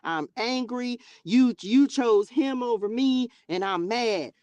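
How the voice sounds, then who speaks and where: A woman's voice: a little high, slow, a little mellow, clean tone, no echo, lo-fi sound. A woman voicing Cain as a sulky, resentful young man who complains that he is angry.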